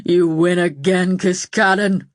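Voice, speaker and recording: A woman voicing a panicked, guilt-ridden middle-aged king who shouts in a high, frantic voice. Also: steady tone, takes it slowly, no echo, studio quality. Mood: bitter.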